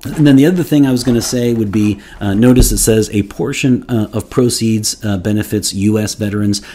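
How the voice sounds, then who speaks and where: This fragrance reviewer speaks a little quickly in a low, mellow voice. His solo product review is casual and meandering, peppered with playful fake indignation and lots of false starts.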